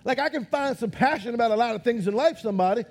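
A man preaching a lively sermon as pastor in a church, talking loud, excited and animated. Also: very high voice, quick pace. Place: church auditorium.

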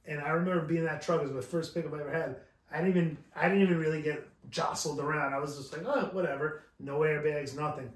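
A man's voice: on the high side, fairly even intonation. A man co-hosting a podcast, casually recounting stories with loose swearing. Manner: laid-back, profane, quick affirmations. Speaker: podcast co-host. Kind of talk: casual storytelling chat. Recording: roomy, distant mic.

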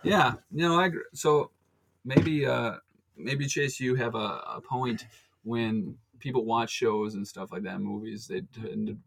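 A man's voice: medium pitch, steady tone, measured pace, gravelly, a bit bright, slight background noise. A man co-hosting a casual chat podcast, blunt and argumentative, swearing and joking as he talks. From Minnesota. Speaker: podcast co-host.

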